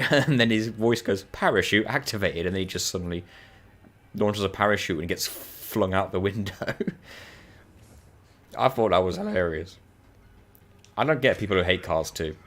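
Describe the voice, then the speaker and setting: A man with a low, deep voice chats casually with a friend while they play a co-op video game. He tells stories with animated energy and breaks into laughter often. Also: a little fast, long pauses. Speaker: co-op gaming channel host.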